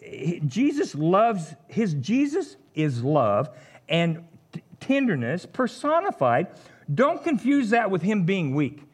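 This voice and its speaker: Animated folksy preacher man. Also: slow. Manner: animated, folksy, jumps between high exclamations and low asides. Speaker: pastor. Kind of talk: casual conversational sermon.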